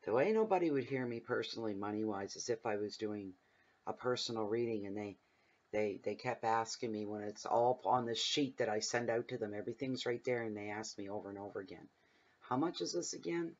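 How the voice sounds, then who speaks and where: A man's voice: fairly low pitch, a little fast, highs cut off. A man giving a casual tarot reading at home, talking in a rambling, chatty way that drifts into personal stories. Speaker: tarot reader. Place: home room at night, windows open.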